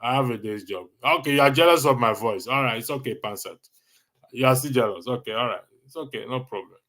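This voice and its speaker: A man's voice: medium pitch, fast, a bit bright. A Nigerian man hosting a casual live stream, reading viewer comments with a jokey, teasing manner and frequent laughter.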